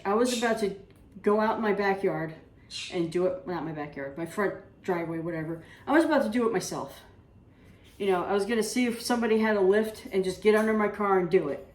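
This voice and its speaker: A woman's voice: medium pitch, darkish tone, far from the mic. Chatty woman cooking in an echoey kitchen. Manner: chatty, rambling anecdotes with reenacted dialogue. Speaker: cooking show host. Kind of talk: casual cooking vlog storytelling. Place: home kitchen. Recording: roomy kitchen audio from off-mic.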